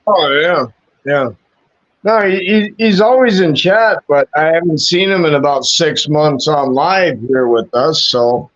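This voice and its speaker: A man's voice: on the high side, measured pace, highs cut off. A man in casual chat, crude and joking, swearing heavily. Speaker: podcast co-host. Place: at home.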